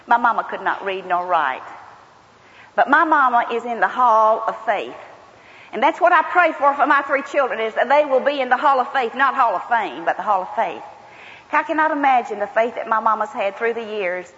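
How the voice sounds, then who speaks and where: A woman's voice: on the high side, a bit bright. A woman from South Georgia with a Southern accent, giving a folksy, humorous inspirational talk to a women's gathering. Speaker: women's retreat speaker. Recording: muffled hall with long reverb.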